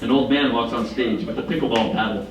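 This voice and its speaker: A man's voice: mid-range voice, fairly even intonation, fast, over a noisy crowd. A man reading stage directions aloud with amusement in a staged reading of a play. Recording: echoey room, distant mic, audience.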